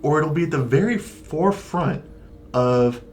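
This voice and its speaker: A man co-hosting a paranormal discussion show, chatty and quick in places. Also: fairly high pitch, expressive, darkish tone, slight background noise. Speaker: paranormal podcast co-host. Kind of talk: casual discussion.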